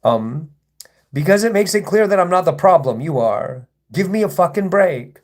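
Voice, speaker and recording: A man's voice: high-pitched, lively intonation, moderate pace. Sarcastic, indignant man livestreaming. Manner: indignant and sarcastic, rambling with restarts. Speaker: livestream host. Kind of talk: livestream monologue addressing chat.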